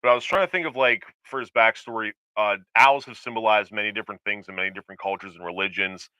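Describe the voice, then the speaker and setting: A man chatting casually as a show's co-host, his voice low yet very bright and forceful. He rambles, trailing into fillers and restarting his sentences, and his tone stays smooth and clear. The sound is dry and close to the mic. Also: fast, no room sound, poor audio. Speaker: podcast co-host. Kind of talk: casual chat.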